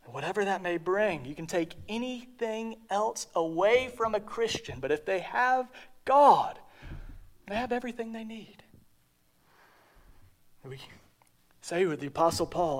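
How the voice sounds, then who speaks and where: High-voiced earnest male preacher. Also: lively intonation, a little slow, long pauses. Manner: earnest, repeats key phrases for emphasis. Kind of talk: sermon.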